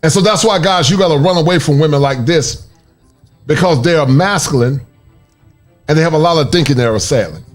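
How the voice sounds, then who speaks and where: A man's voice: on the high side, brisk, faint music behind. A man hosting a commentary channel, reacting to clips with laughter and preachy asides to his viewers.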